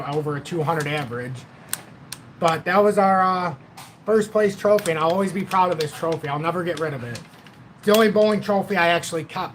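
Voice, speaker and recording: A man's voice: on the high side, fairly bright tone, a little hiss or hum. Blunt, rambling man in his forties. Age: 40s. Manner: rambling, blunt, swears freely. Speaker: livestream host. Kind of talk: casual livestream chat.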